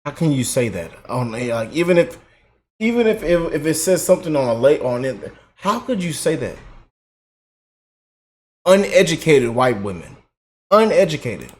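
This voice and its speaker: Animated mocking man, vlog commentator. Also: fairly high pitch, normal speed, pauses often. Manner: animated, mocking, emphatic with repetitions. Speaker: YouTube commentator.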